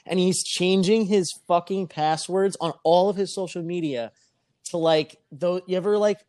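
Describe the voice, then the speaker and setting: A man with a somewhat high voice tells a rambling anecdote. He swears a lot and acts out the people in his story. The recording is dry and close, with no room sound. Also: normal speed, no echo. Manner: profane, animated, acts out quoted voices. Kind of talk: casual podcast storytelling.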